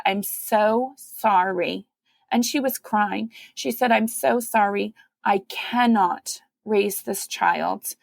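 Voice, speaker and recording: A woman who is a guest on a podcast, telling her story in a conversational way and acting out the quoted voices with big jumps in pitch. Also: gravelly, no room sound. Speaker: podcast guest, mother of five.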